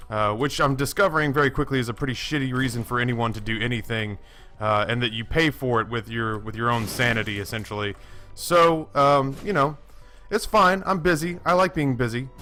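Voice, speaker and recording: A man in his twenties talks through a game session in a loose, rambling way, doubling back on himself and joking at his own expense. His voice is bright and forceful, and faint game music plays behind him. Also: medium pitch. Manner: chatty, self-deprecating, lots of fillers and restarts. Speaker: gaming YouTuber. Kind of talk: rambling let's-play commentary.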